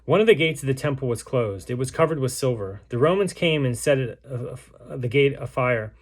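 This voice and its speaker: A man reading a book aloud as narrator, in a measured way with small restarts. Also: mid-range voice, lively intonation, slightly rough. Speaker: storybook reader.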